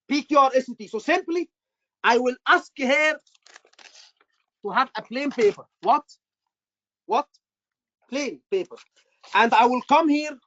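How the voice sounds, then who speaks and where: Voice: high-pitched, a bit bright, dull audio. An instructor teaching a live class, repeating key points and quizzing the students with short questions. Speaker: medical exam instructor.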